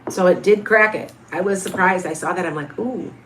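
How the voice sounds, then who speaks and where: A woman's voice: fairly low pitch, fairly quick, background noise. Rambling chatty woman in her fifties. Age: 50s. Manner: rambling, chatty, with frequent restarts and asides. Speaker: tarot reader and medium hosting a livestream. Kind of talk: casual livestream chat answering viewer questions.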